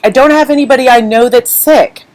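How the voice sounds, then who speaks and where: A woman with a high, darkish voice speaks briskly on a rough recording. Hosting a live craft stream from home, she rambles candidly and emotionally to viewers, unscripted, while fighting back tears.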